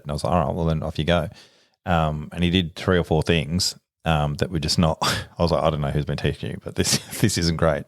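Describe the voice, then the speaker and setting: Very deep-voiced fast Australian man. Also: dry recording, studio quality. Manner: animated storyteller, acts out quoted dialogue, laughs often. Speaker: police officer. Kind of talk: casual podcast chat.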